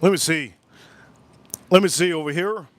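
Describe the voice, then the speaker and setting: A man's voice: on the high side, normal speed, fairly bright tone. A man hosting a live cooking stream, chatting casually, rambling and repeating himself as he talks to his viewers.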